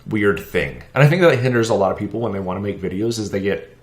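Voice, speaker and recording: A young man with a low voice co-hosts a casual podcast. He talks with animated energy and acts out the voices of people in his stories. The recording has a roomy echo. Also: fast talker. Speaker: podcast co-host. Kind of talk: casual chat.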